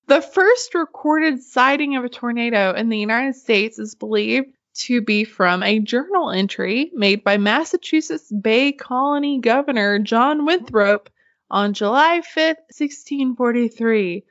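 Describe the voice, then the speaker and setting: A woman's voice: a little high, lively intonation, measured pace, fairly bright tone, dull audio. A woman hosting a podcast in casual chat, chatty and giggly, swearing casually. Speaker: podcast host.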